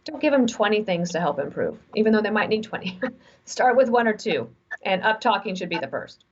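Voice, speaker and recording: A woman in her forties, speaking as an interview guest who gives frank, animated advice through stories. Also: mid-range voice, a little fast. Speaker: guest author. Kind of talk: conversational interview. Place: remote video call. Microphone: video call mic. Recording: dull lo-fi video call audio.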